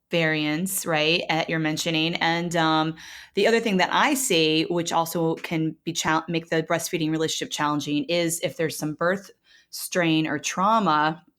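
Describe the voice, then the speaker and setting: A woman's voice: low voice, a bit bright. A woman chiropractor hosting an interview, responding thoughtfully and affirmingly with frequent hesitations. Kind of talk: interview conversation.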